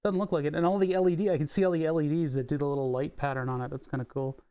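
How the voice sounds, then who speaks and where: Very fast and steady in tone, this Philadelphia streamer's fairly high, mellow, clean voice runs through a casual teardown of studio equipment. In his local accent he mutters to himself and swears whenever a bolt proves stubborn.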